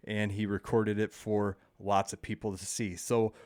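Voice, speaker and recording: A man's voice: measured pace, hardly any pauses, no echo, clean studio sound. A man hosting a quiz video, chatting casually and often throwing in "hey" and "uh" between lines. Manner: chatty, peppered with "hey" and "uh", lively pitch swings. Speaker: channel host running a quiz game.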